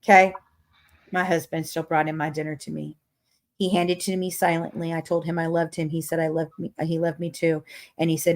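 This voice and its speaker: A woman's voice: low-pitched, flat delivery, brisk. A woman hosting a podcast, telling a story in a casual rant that is profane, emphatic and dramatic. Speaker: podcast host.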